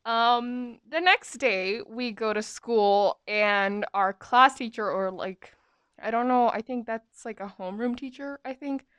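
A woman's voice: fairly high pitch, measured pace, a bit bright, clear, resonant tone, no room sound. A young woman in her twenties telling a school story in casual chat, with lots of filler words and restarts. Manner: chatty, full of "like" fillers and restarts.

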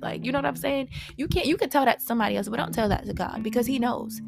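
A woman's voice: a little high, quick pace, music in the background. Passionate young woman teaching Bible study. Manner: passionate, slangy, animated preaching. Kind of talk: casual Bible teaching with scripture reading.

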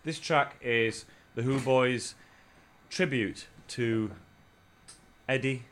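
A male radio host tells a loose, rambling story full of restarts and swearing. His voice sits at a middling pitch with a bright, forceful tone. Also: drawn-out words. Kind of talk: casual anecdote on air.

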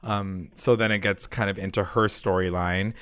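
A man's voice: sits low, steady tone, normal speed, a bit bright, clear, resonant tone. A man co-hosting a casual podcast, recapping a TV episode and acting out quoted lines in mocking voices. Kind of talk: casual chat.

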